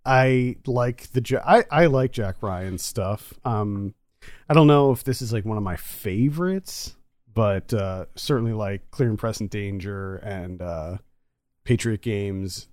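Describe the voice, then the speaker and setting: A man co-hosting a casual movie review chat, talkative and quick to laugh. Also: fairly low pitch, a little mellow, no room sound, studio quality. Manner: chatty, laughs easily. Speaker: podcast co-host.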